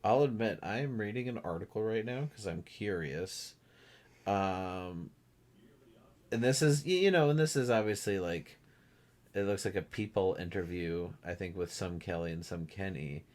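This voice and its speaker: A young man co-hosting a podcast in casual chat, animated and acting out quotes in mimicking voices. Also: deep voice, normal speed. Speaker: podcast co-host.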